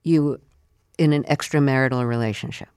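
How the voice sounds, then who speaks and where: Gravelly, smooth-toned interviewer, dry sound. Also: medium pitch, normal speed, a little mellow, no echo. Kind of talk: interview questions.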